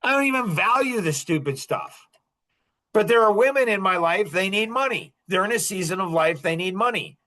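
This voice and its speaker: A man's voice: high-pitched, animated, moderate pace, sharp tone. A middle-aged man hosting a podcast, talking in an impassioned, repetitive monologue and breaking into short laughs. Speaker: podcast host.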